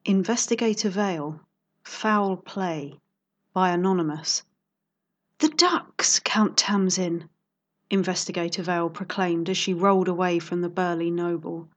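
Woman reading a storybook style tale, steady and measured. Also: fairly low pitch. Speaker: audiobook reader. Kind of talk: storybook narration.

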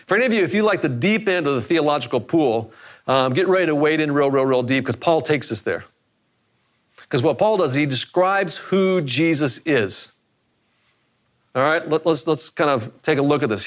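A man preaching a sermon in a conversational way, often repeating phrases for emphasis. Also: on the high side. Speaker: pastor.

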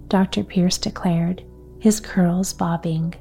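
A woman reading a gentle bedtime story aloud in a soft, unhurried way. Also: mid-range voice, steady tone, husky, soft background music.

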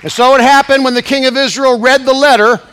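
A man preaching a sermon as bishop, acting out scripture quotes and swinging between shouted climaxes and soft asides. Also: very high-pitched, steady tone, fast, a faint crowd, a little hiss or hum. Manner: acts out scripture quotes in raised voice. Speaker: pastor.

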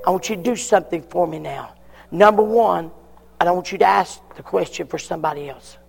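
Preacher guy, high gravelly voice, slow and emphatic, church hall echo. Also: slight background noise. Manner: emphatic, repeats questions with long pauses. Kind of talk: sermon.

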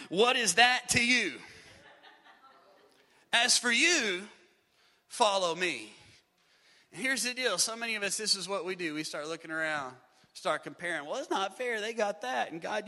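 A man's voice: high-pitched, sharp tone. A middle-aged male pastor preaching a sermon to his church, acting out complaints in a raised voice. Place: church sanctuary. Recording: long reverb of a large hall.

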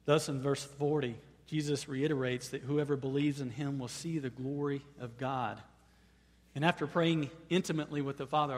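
A pastor preaches a sermon, often repeating words as he begins a phrase and sometimes rising to loud, high-pitched proclamation. The sound is that of a big room.

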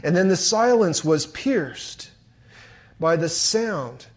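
A man preaching and telling a story in a large hall, dropping to hushed murmurs and swelling forcefully. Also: a little high, animated, takes it slowly. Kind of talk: sermon storytelling.

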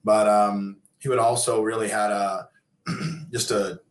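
A man's voice: fairly low pitch, fairly even intonation, slow pace. A man in his fifties, a former pro athlete turned coach, telling long stories casually with many fillers and restarts. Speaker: interview guest, former pro hockey player turned coach. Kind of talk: casual storytelling. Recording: echoey room.

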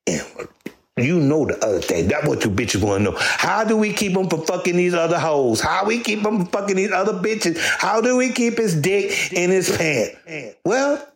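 A man rants in a sassy comic monologue. His voice sits high and swings wildly up and down. There is a gravelly edge, and he breaks into shouts. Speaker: comedian. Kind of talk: crude comedic rant.

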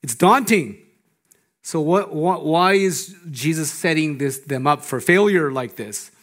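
A male pastor preaching a sermon, animated and laughing often, swinging from loud emphasis down to hushed, low lines. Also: unhurried. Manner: laughs often between phrases.

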